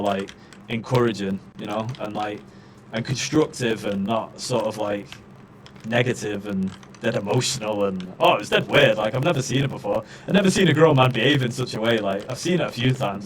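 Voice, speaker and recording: A man's voice: on the low side, slight background noise. A man streaming live, venting in a casual rant full of fillers and swearing. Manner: swears a lot, ranting with many fillers. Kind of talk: casual chat.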